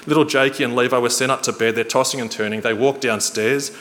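A man preaching a sermon in a church hall, earnest and storytelling, slowing and quickening for emphasis. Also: medium pitch, steady tone, fairly bright tone. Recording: reverberant hall, faint noise.

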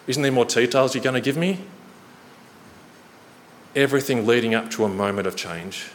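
A man's voice: mid-range voice, normal speed. Man, preacher, earnest sermon, storytelling, reverberant church hall, faint background hiss. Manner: earnest, storytelling, varies pace for emphasis.

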